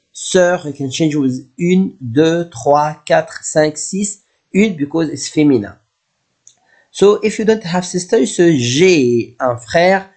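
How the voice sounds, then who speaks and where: A man whose first language is Arabic gives a beginner French lesson at an unhurried, deliberate pace. He explains in English and says the French words slowly, over and over. His voice sits a little high for a man. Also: a little mellow. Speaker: French teacher. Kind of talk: slow classroom language lesson.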